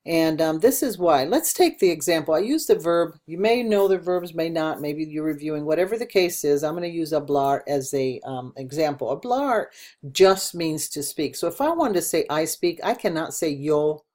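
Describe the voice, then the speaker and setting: A woman's voice: sits low, lively intonation, moderate pace, few pauses, a little mellow. An older woman, a retired teacher working from home, giving a patient language lesson and spelling out words for learners.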